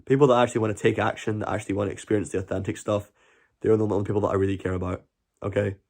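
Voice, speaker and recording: A man's voice: lowish voice, steady tone, very fast, vocal fry, a little mellow. A Scottish man hosting a live stream, chatting earnestly and rambling to his viewers. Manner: earnest, rambling, talks to chat. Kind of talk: casual live stream chat.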